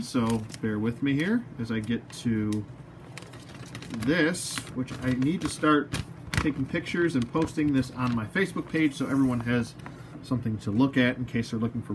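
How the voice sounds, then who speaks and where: A man's voice: medium pitch, a little hiss or hum. A man reviewing an action figure as he unboxes it, rambling and self-mocking, talking to the toy as he works.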